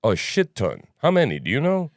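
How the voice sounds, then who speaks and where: Animated, rambling male podcast host. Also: mid-range voice, moderate pace, no echo, clean studio sound. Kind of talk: casual news commentary.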